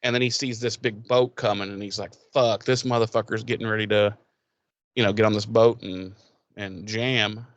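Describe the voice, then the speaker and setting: A man co-hosting a podcast recaps an episode casually, rambling, swearing, laughing often, and acting out the characters' lines. His voice is lowish and fairly bright with fairly even intonation at a moderate pace; the audio is dull with no room sound.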